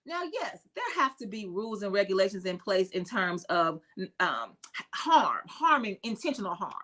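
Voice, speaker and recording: A reverend from the United States hosting a spiritual talk show, speaking emphatically in repeated lists and laughing often. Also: female voice, medium pitch, very animated, normal speed, bright, forceful tone. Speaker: reverend and podcast host.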